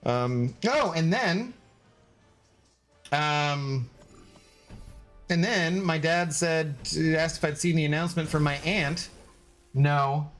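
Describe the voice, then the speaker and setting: Man, game streamer, higher voice, casual rambling chat, reads viewer comments. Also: slow pace, long pauses, a bit bright, soft background music. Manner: high, scolding baby talk to his dog.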